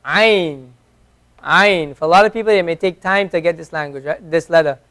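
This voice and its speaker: A man's voice: a little high, fast, clear, resonant tone. A man teaching an Arabic class, patiently repeating each letter sound to demonstrate its pronunciation. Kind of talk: classroom lesson. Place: classroom at an Islamic center.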